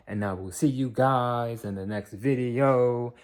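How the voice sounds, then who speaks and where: A man's voice: mid-range voice, fairly even intonation, measured pace, few pauses. A tired young man giving a casual, rambling movie review, often repeating and restarting his words.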